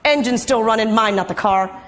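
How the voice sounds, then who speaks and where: A woman's voice: a little high, a little fast, a bit bright. A middle-aged woman telling a story before a live audience, with playful asides to the crowd.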